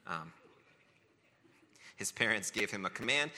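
A man's voice: lowish voice, brisk, pauses often, bright, forceful tone. A man preaching a sermon, telling family stories with playful self-mockery before turning to teaching. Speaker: pastor. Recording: long reverb of a large hall.

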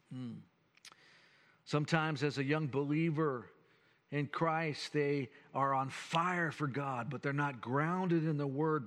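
Older male pastor, slightly high voice, folksy earnest sermon, long reverb of a church hall. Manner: folksy, earnest storytelling preacher.

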